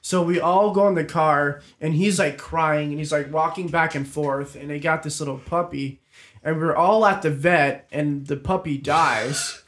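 A man's voice: fairly high pitch, normal speed, fairly bright tone. A man telling a rambling, swear-laced story in a casual chat with friends, full of restarts. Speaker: storyteller on a group podcast. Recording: roomy echo.

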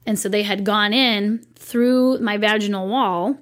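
Speaking at a medium pitch and a little slowly, this woman in her thirties shares a personal anecdote. She owns a company and is a guest in a relaxed interview, and her storytelling is animated and conversational.

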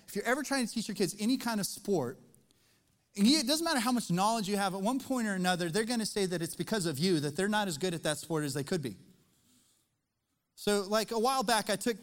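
A man's voice: sits high, lively intonation, fast talker. A middle-aged man preaching a sermon as pastor, conversational and joking, then building to emphatic points, recorded in a church sanctuary. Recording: long reverb of a large church hall.

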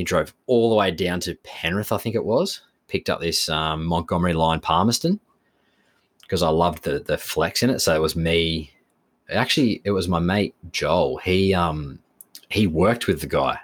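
A low-voiced Australian man speaking at a moderate pace co-hosts a podcast. Chatting casually, he tells a long story in a rambling, animated way, performing much of the dialogue as quotes.

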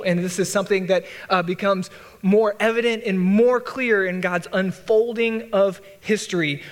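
High-voiced man teaching scripture. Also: fairly bright tone, in a large hall. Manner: conversational, with restarts and "like, hey" asides. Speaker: pastor. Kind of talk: Bible study teaching.

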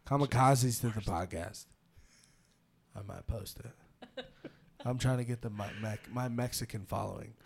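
A man hosting a podcast in casual chat, telling loud, profane, animated stories. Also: mid-range voice, a little slow, vocal fry, long pauses, slight background noise. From California. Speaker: podcast host.

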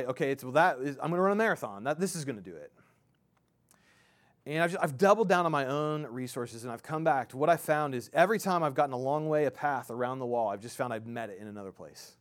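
A pastor in his thirties, medium-pitched, preaches a sermon in a loose, conversational style. He often stumbles and starts over, leaning on fillers as he thinks out loud.

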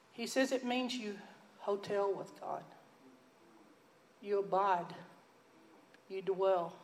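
A woman with a Texan accent, teaching a sermon in a folksy, earnest storytelling way that drops to a hush for emphasis. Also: medium pitch, reverberant, poor audio. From Texas. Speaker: Bible teacher.

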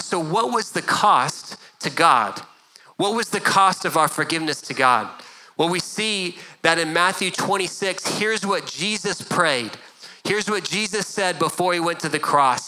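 A pastor in middle age delivers a sermon in a very bright, ringing voice. He talks earnestly and conversationally, often doubling back on his words, and his pitch sits a little high for a man. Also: rough recording.

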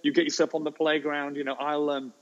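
A man, a teacher telling an animated anecdote in an interview, jumping into high voices for the children he quotes. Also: fairly quick, highs cut off. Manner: lively storyteller, acts out children's voices in high pitch. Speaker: teacher and storyteller guest.

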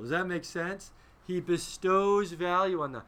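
A man leading a film discussion in a lively, emphatic teaching style, often asking his listeners rhetorical questions. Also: high-pitched, measured pace, clean tone. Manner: emphatic, conversational.

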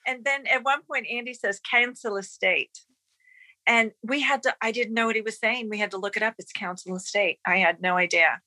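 A woman's voice: on the high side, steady tone, fairly quick, few pauses, sharp tone, dry recording, rough recording. A woman in a casual chat, telling a story with enthusiasm.

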